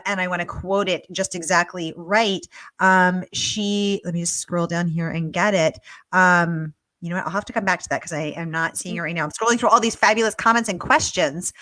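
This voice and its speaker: A woman's voice: fairly low pitch, a bit bright, no echo. A woman hosting a live online author interview, bubbly and reading out viewer comments. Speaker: host.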